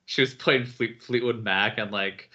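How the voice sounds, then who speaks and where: A man's voice: medium pitch, unhurried, lo-fi sound. A man co-hosting a podcast in casual chat, telling stories loosely with many "like" and "um" fillers. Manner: relaxed storytelling, frequent "like" and "um". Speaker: podcast co-host.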